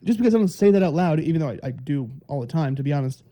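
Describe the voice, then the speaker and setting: A man's voice: on the high side, lively intonation, rapid-fire, warm tone, dull audio. A man co-hosting a comedy podcast, ranting in a profane, exasperated way in casual chat. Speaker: podcast co-host.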